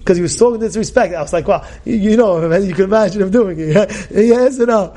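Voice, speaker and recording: A man teaching a Torah class as a rabbi, emphatic and animated, with loud outbursts and many rhetorical questions. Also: high voice, brisk.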